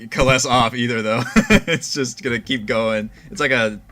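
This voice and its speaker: A man narrating and running a tabletop game as dungeon master, relaxed and laughing often. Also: mid-range voice, moderate pace, slight background noise.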